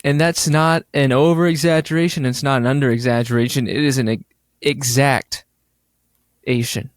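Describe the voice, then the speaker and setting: A man's voice: medium pitch, little pitch movement, quick pace, dry recording, clean studio sound. A man co-hosting a podcast, speaking in an earnest, mock-sentimental way in casual chat. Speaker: podcast co-host.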